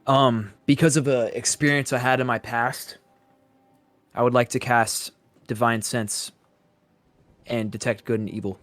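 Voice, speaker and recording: Casting: mid-pitched male player, casual and hesitant, light music in the background. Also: steady tone, unhurried, long pauses, a bit bright, dry recording. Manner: casual, hesitant, checks rules aloud. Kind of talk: tabletop game play.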